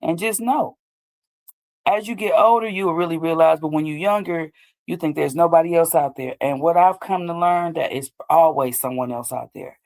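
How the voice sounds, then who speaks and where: A woman's voice: low-pitched, moderate pace, darkish tone. A woman hosting a show, talking casually and loosely about healing after heartbreak, often asking "you know what I'm saying". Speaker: host. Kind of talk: casual advice talk.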